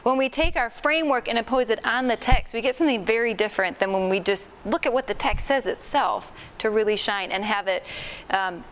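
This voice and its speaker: Woman workshop trainer, slightly high voice, casual teaching tone, plays out quotes for her group. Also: a little fast, fairly bright tone. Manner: conversational, acts out quoted lines. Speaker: Bible study trainer. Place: meeting room with a group.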